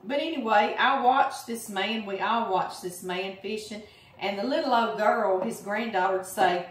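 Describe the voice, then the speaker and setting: A woman's voice: medium pitch, moderate pace. Middle-aged Louisiana woman cooking-show host, easygoing storyteller with a dry, sarcastic streak, recorded a few steps from the mic in an echoey kitchen. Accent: Southern US, Louisiana. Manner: chatty, sarcastic humor, animated storyteller. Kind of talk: casual storytelling while cooking. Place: home kitchen. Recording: roomy kitchen, mic at a distance. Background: chopping and kitchen clicks.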